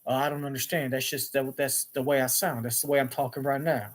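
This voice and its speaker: A man putting on a young male movie star who speaks in a slow, deep, mumbled drawl with a mild accent. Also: steady tone, natural voice. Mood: puzzled.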